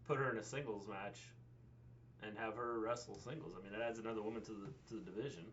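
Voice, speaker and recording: A man co-hosting a casual recap podcast, calmly pushing back with dry remarks. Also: on the low side, fast, a little hiss or hum. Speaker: podcast co-host. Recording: slightly dull lo-fi recording.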